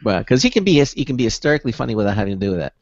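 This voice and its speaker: A man's voice: mid-range voice, big pitch swings, racing, darkish tone, dry recording. A man hosting a talk radio show, chatting loosely and restarting his sentences. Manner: rambling, with repeated restarts. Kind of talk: casual radio chat. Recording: muffled radio broadcast audio.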